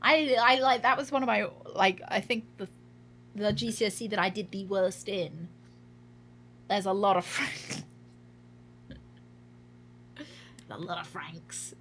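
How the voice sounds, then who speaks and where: A woman's voice: medium pitch, normal speed, a bit bright, a little hiss or hum. A woman streaming a game, chatting casually with a giggly, self-mocking manner. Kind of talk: casual gameplay commentary.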